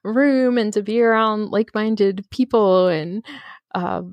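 A woman co-hosting a podcast, telling a long story in a rambling, animated way full of fillers. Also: mid-range voice, unhurried, no room sound, muffled recording. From United States. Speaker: podcast co-host. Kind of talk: casual chat.

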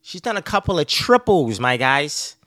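A man's voice: a little high, sing-song, normal speed, sharp tone, no room sound, studio quality. A man in his thirties hosting a podcast, rambling casually and profanely about family life, laughing often. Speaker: podcast host.

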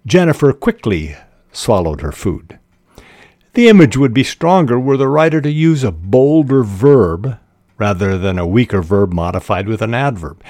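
A man teaching fiction writing in a slow, unhurried way. His voice is low, and he stops often on "uh" while he looks for the word. The sound is close and dry, with no room in it. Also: darkish tone, dry recording. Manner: measured and deliberate, with frequent "uh" pauses. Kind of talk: instructional podcast talk.

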